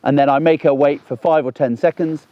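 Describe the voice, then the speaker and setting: A man, talking through a gun dog training session outdoors on a lawn, chatty and animated. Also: a little high, a little fast, muffled recording, a little hiss or hum. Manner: chatty and animated, bursts into excited exclamations.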